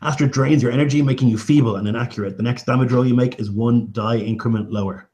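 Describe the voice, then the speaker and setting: A man's voice: mid-range voice, fairly even intonation, fast, darkish tone. A man narrating as game master in a tabletop game, with loose phrasing full of fillers.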